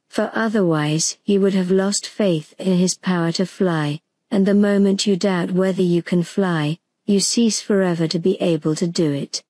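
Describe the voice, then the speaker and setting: A woman narrating a gentle bedtime story for sleep, slow and soothing. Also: medium pitch, no room sound. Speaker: audiobook narrator.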